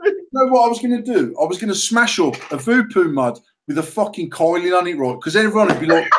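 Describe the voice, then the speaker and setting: A man, co-hosting a casual banter podcast, talking in a sweary, excitable way and laughing often. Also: high-pitched, brisk, slight background noise, poor audio. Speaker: podcast co-host, mod company owner.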